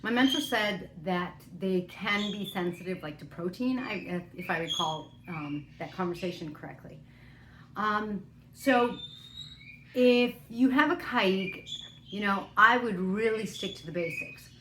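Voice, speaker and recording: This parrot care author and vlogger speaks at a medium pitch, animated and a little slow, chatting casually to the camera about looking after parrots. Her talk is rambling and chatty, and she coos to her parrot now and then. The room is roomy and echoing, with some background noise.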